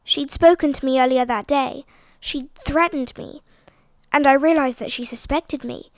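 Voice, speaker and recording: A woman reading aloud and voicing a guilty young man who confesses haltingly. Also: high voice, no echo. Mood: confessing.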